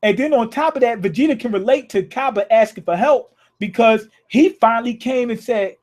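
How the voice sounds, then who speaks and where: Guy with a kinda high voice rambling thru an anime review, slangy and loose. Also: fairly quick, a little mellow. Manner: rambling, slangy, restarts thoughts. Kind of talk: casual video review.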